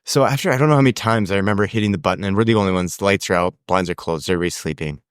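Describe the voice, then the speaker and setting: A young man co-hosting a podcast, telling a travel story in a casual, animated way and acting out the voices of people in it. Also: low-pitched, rapid-fire, smooth, dry recording, clean studio sound. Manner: animated storyteller, acts out quoted voices, laughs often. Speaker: podcast co-host.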